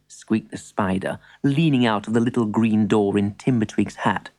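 A woman reading a children's story aloud, an expressive storyteller. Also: rumbling low, normal speed. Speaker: narrator.

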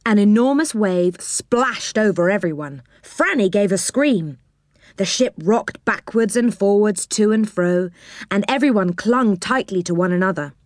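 A woman reads a children's story aloud with an expressive storyteller's delivery. Her pitch rises and falls a lot as she tells it. The recording is dry and close, with no room sound. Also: measured pace, dry recording. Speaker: narrator.

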